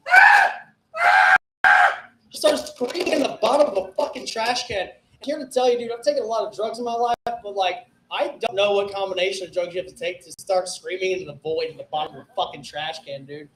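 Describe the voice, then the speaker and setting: A hoarse man with a raspy, sick-sounding voice tells rambling, profane stoner stories into a club mic. His voice bounces around an echoey little room with a faint murmur of ambience behind it. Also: sits high, fast, few pauses, slight background noise. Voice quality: raspy from festival flu. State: hoarse, coughing. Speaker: open mic comedian. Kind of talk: stand-up set. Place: small comedy club stage.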